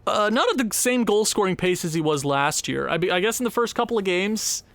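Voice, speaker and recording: Young guy talking over his game, sighs a lot, voice cracks up high when he gets fed up, dry close mic. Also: animated, brisk, creaky, a bit bright, no room sound. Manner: exasperated, sighing, jumps high in pitch when frustrated. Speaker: gaming YouTuber. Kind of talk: casual gameplay commentary.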